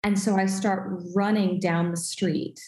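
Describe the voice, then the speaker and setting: A woman's voice: mid-range voice, steady tone, measured pace, darkish tone, reverberant, poor audio. A woman telling a self-deprecating story in casual podcast chat, acting out the dialogue. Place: Los Angeles.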